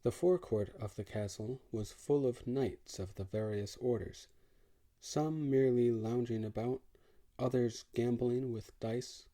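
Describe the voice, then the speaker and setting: A man narrating an audiobook in the first person, in a measured, wry way. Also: mid-range voice, warm tone.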